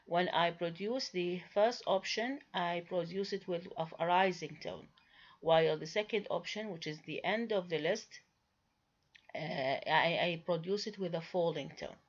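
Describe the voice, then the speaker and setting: A woman's voice: on the low side, a little slow. Lecturing woman on a dull lo-fi recording. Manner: explains step by step, asks and answers her own questions, frequent uh and restarts. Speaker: university English lecturer.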